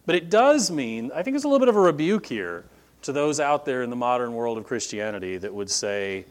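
A middle-aged man preaching a sermon as pastor, telling stories with lively shifts and acting out the people he quotes. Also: mid-range voice, brisk. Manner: animated storytelling, voices quoted speakers.

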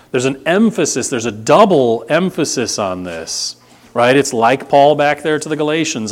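A middle-aged pastor giving a sermon in a church, conversational and repetitive, swinging between loud emphasis and hushed intensity. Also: male voice, mid-range voice, animated, moderate pace. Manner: repeats words, frequent restarts and asides to the congregation.

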